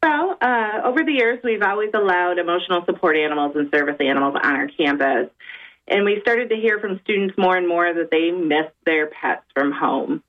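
A woman, a university housing director, giving measured and organized answers in a phone interview. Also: on the low side, expressive. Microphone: telephone. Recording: tinny phone line.

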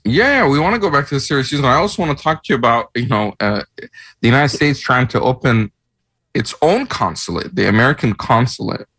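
A man's voice: medium pitch, expressive, fairly quick, a bit bright, slightly rough, no room sound, clean studio sound. A man co-hosting a radio talk show, speaking in a rambling, teasing way with many restarts.

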